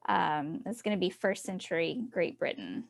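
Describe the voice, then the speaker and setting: A woman's voice: on the low side, normal speed, gravelly. A woman from Tennessee with a Southern accent, an author guest chatting casually and laughing between rambling answers. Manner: laughing, rambling, self-deprecating. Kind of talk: casual interview chat.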